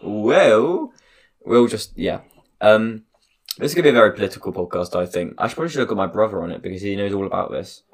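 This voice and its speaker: A man's voice: deep voice, lively intonation, rapid-fire. A young man hosting a casual podcast, rambling and hesitant with lots of fillers and laughs. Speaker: podcast host. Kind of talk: casual chat.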